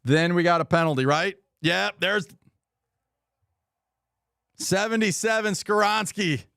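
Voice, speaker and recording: A man's voice: high voice, measured pace, gravelly, sharp tone, clean tone, dry recording, studio quality. A man hosting a live football watch party stream, giving rambling, frustrated commentary on plays and reading viewer comments aloud. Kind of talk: live game commentary and chat.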